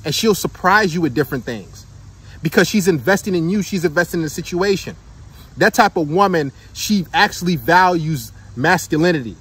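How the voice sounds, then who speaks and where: Husky high-voiced man preaching dating advice. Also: animated, normal speed, fairly bright tone. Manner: emphatic, repeats points and checks in with "right?" and "okay?". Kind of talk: preachy monologue to the camera.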